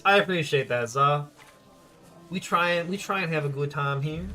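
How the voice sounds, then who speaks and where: A man's voice: on the high side, moderate pace, pushed and bright, soft background music. A man streaming a role-playing game, chatting casually and joking about his own voice acting. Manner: self-mocking, playful. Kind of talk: casual gameplay commentary.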